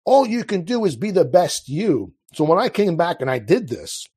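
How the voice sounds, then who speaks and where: A man with a husky, slightly breathy voice that sits a little high for a man. He talks earnestly and with passion, often breaking off and restarting his sentences in a loose, conversational flow. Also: big pitch swings, normal speed, darkish tone. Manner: earnest, impassioned, with frequent restarts. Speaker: podcast guest. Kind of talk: casual conversational monologue.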